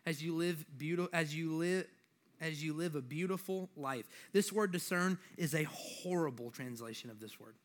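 A young male preacher with a slight lisp and a fairly high voice. He talks to the congregation in a loose, joking way, then presses his points with rising emphasis. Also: moderate pace. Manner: conversational, joking, building to emphatic exhortation. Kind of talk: sermon.

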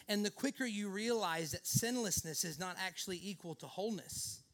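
High-voiced guy preaching a sermon, earnest, keeps saying actually. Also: a little fast, fairly bright tone. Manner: earnest, leans on the word "actually". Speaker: pastor.

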